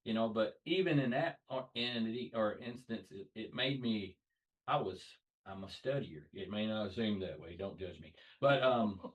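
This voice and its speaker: A man's voice: lowish voice, animated, moderate pace, recorded from a distance, muffled recording. A man with a Southern US accent, hosting a podcast and telling stories in casual chat, acting out the voices he quotes. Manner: storytelling, acts out quoted voices. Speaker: podcast host.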